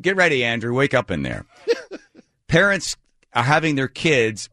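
A man's voice: medium pitch, huge pitch swings, moderate pace, pushed and bright, no echo, clean studio sound. A middle-aged man co-hosting a radio show, bantering casually and acting out quotes in his stories. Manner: jokey storyteller who acts out quotes.

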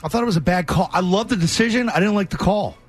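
A man hosting a sports talk show, jokey and quick to react in lively banter. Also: high voice, breathy edge, soft background music.

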